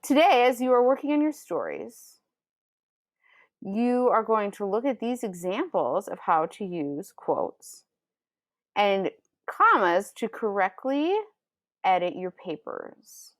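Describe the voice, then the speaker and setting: A woman teacher giving a recorded remote writing lesson, patiently explaining step by step and reading example sentences aloud with pronounced pauses. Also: mid-range voice, sing-song, dry recording, studio quality. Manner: patient, explains step by step, calls students scholars and friends.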